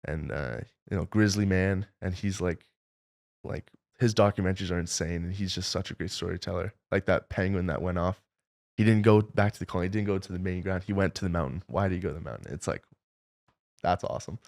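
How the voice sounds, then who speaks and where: Deep gravelly young man rambling. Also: a little fast, darkish tone. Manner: rambling, heavy on fillers. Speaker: film director guest. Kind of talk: casual interview storytelling.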